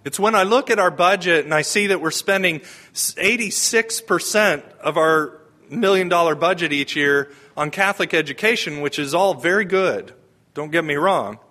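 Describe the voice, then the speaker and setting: A man's voice: fairly high pitch, normal speed, bright, forceful tone. A man giving a homily in a conversational preaching manner, asking the congregation questions. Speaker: priest.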